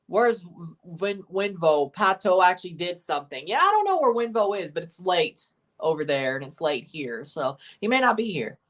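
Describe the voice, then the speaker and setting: This livestream host, a man from Mississippi with a Southern accent, rambles through casual watchalong commentary, reading chat and offering chatty opinions. He speaks at normal speed in a high, sing-song, slightly bright voice.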